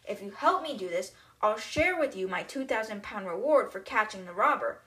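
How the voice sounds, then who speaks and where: A woman's voice: mid-range voice, lively intonation, normal speed, a bit bright, natural voice. Woman reading as a sly scheming detective. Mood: insistent.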